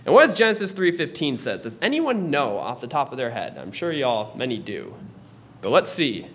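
A young man teaching a church class in a conversational way, pausing and correcting himself as he goes. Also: mid-range voice, very animated, a bit bright, a little hiss or hum. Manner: conversational, with pauses and restarts. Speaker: Sunday school teacher.

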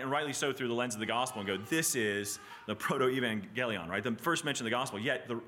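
Bright-voiced man teaching Bible class. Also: medium pitch, a little hiss or hum. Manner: animated, with frequent "right?" and restarts.

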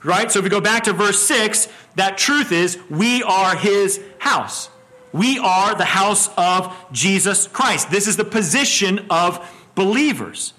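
A middle-aged man preaching a verse-by-verse sermon, his voice pitched high and bright. He stumbles over the first word of a phrase and keeps asking the listeners questions. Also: expressive, measured pace. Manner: repeats words when starting a phrase, asks the room questions. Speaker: pastor. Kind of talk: expository sermon.

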